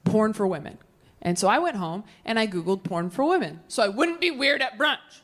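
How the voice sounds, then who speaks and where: A woman in her thirties performing a stand-up comedy set, chatting with the crowd in quick conversational asides. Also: on the high side, big pitch swings, fairly bright tone. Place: large venue with a live audience. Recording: live show with audience laughter. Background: audience laughter.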